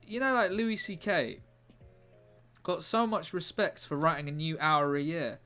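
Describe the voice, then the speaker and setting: A man's voice: a little high, fairly even intonation, a little slow, bright, forceful tone, soft background music. A British man streaming as a comedian, rambling and joking casually as he chats to viewers. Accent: British English. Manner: rambling, jokey, chatting to viewers. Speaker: comedian streaming a writing session. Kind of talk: casual livestream chat.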